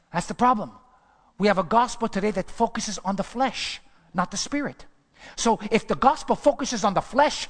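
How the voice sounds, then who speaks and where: Pastor guy preaching, high voice, repeats himself a lot, long church echo. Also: animated, brisk, fairly bright tone. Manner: emphatic preaching, repeats phrases, drops to whispers. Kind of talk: sermon.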